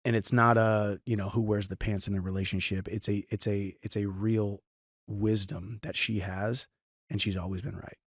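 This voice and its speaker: A man's voice: on the low side, flat delivery, moderate pace, no echo, clean studio sound. A man in his thirties from St. Louis, hosting a podcast and giving casual, earnest advice with frequent restarts. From St. Louis, Missouri. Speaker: podcast host answering listener questions.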